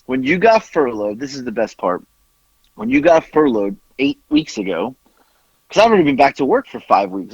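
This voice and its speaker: A man co-hosting a casual podcast, telling a long story with a lively, swooping voice. He acts out the people he quotes. The sound is dry and a little dull. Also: a little high, slightly rough, no echo. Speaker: podcast co-host.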